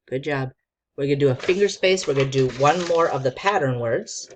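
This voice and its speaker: A woman's voice: very deep voice, fairly quick, noisy background. A woman teacher giving a patient, encouraging spelling lesson to young children and sounding out letters.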